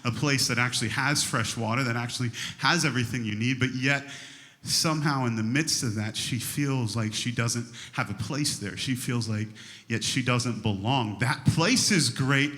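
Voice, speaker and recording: A man in his thirties, a youth pastor, telling a funny story in his sermon, animated and laughing, leaping into high exaggerated voices for quotes. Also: normal speed. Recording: long hall reverb.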